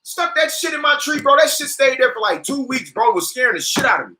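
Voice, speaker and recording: High, bright-voiced man ranting profanely. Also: quick pace, a little hiss or hum. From California. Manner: profane, animated ranting with bursts of shouting. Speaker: podcast host. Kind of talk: casual comedic storytelling.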